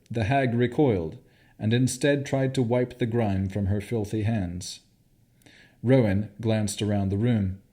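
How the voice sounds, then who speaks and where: A man narrating a fantasy audiobook in a measured, expressive way. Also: fairly low pitch.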